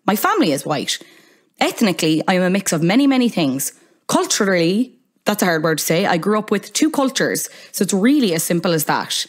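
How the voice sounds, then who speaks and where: An Irish woman hosts her podcast in a casual, chatty way. She drops wry little asides as she goes, and her voice sits slightly on the low side. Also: big pitch swings, a little fast. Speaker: podcast host.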